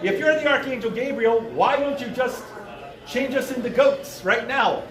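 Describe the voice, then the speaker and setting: A man's voice: very high voice, animated, normal speed, a crowd in the background, pitched above the performer's own voice. Man voicing a dry, sarcastic mother. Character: unflappable sardonic mother talking through a door. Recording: roomy live sound from far off.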